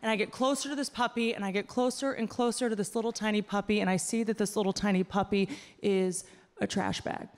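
A woman performing a stand-up comedy set on a theater stage, telling a story in an animated, self-deprecating way. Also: medium pitch, brisk. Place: large theater stage with audience. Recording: long hall reverb, faint room ambience.

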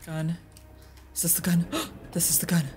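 A young woman playing a horror game, talking to herself and shrieking when startled, then hushing to a mutter while hiding. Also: on the low side, sing-song, normal speed, soft background music. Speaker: gaming streamer. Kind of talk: horror game playthrough commentary.

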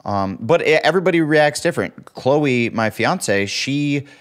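A man's voice: mid-range voice, lively intonation, unhurried. A young man co-hosting a podcast, telling stories in a loose, joking way. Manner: joking, loose storytelling with swearing. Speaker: podcast co-host. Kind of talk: casual chat.

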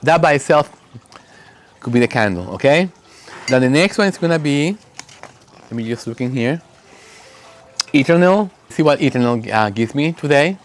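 A man making candles, talking in an emotional, heartfelt way and slowly reading out fragrance notes. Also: medium pitch, animated, a little hiss or hum. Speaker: candle maker. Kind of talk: casual vlog talk.

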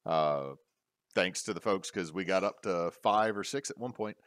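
A man hosting a casual podcast, rambling with many fillers and pauses. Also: low-pitched, a bit bright, clear, resonant tone, dry recording, studio quality. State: hiccups. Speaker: podcast host.

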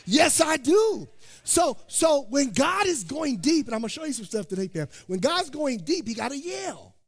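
A pastor from Indiana preaching a sermon, joking and calling out to his congregation in an animated way. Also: very high-pitched, normal speed, gravelly. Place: church sanctuary. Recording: long church hall reverb.

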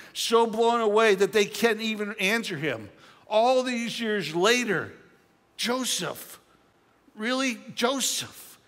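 An older male pastor with a high, light voice delivers a conversational sermon. He reads the scripture aloud, then retells it with chatty, playful asides. His words ring out with a long reverb through a church sanctuary. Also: a bit bright.

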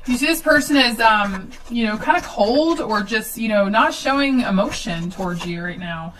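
A woman's voice: on the high side, animated, moderate pace, fairly bright tone, distant mic, a little hiss or hum, rough recording. A woman giving a casual tarot reading at home, chatty, with filler ums and nervous laughs. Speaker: tarot reader.

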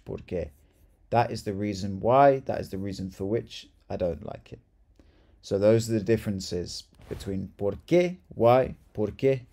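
Brief: male language tutor, mellow, gravelly, chatty and upbeat. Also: fairly low pitch. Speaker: Spanish teacher. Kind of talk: casual video lesson.

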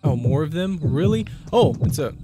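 A man's voice: fairly high pitch, lively intonation, normal speed, heavy background noise. A young man commentating a let's play of a horror game, jumping between panicky yelps and joking asides. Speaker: gaming YouTuber.

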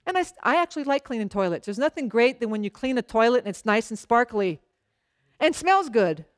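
High, smooth-voiced woman pastor preaching. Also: sing-song, a little fast, dry recording, studio quality. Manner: conversational storytelling, often checks in with the congregation; acts out short bits of dialogue in a lowered voice. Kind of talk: sermon.

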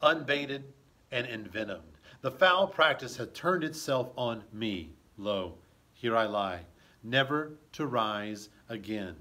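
Brief: a man doing a remorseful young noble on his deathbed, unhurried, mid-pitched. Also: lively intonation, pushed and bright.

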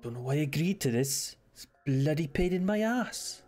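A man's voice: fairly high pitch, lively intonation, normal speed, a little mellow, soft background music, close to an everyday voice. A man voicing a put-upon Welsh man who drives a lot, complaining in a Welsh accent. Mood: grumbling.

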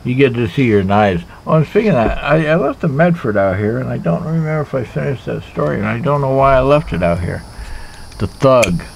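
A man's voice: medium pitch, expressive, brisk, creaky, a little hiss or hum, rough recording. A man casually reviewing knives in a rambling, joking way, talking to himself as he handles them outdoors. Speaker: knife reviewer. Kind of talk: casual knife review vlog. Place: outdoors in a backyard.

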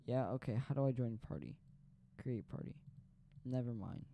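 A man's voice: medium pitch, normal speed, vocal fry, warm tone. A young man streaming a game live, tired and rambling as he chats with viewers while playing. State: sleepy. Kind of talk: casual live-stream chat. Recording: faint background noise.

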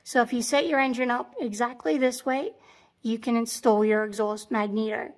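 Slightly hoarse Australian woman explaining. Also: a little high, steady tone, normal speed. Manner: patient step-by-step explaining, repeats key points. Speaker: tank restoration mechanic. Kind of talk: hands-on workshop tutorial. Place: workshop beside a tank engine.

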